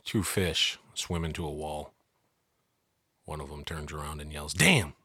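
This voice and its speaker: A man co-hosting a podcast, telling jokes with animated delivery in a casual chat. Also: a bass voice, unhurried, slightly rough, dry recording. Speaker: podcast co-host.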